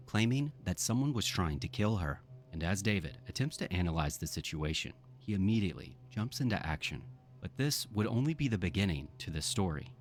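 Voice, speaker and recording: Deep-voiced man narrating dramatically. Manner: dramatic storytelling delivery. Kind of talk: scripted narration.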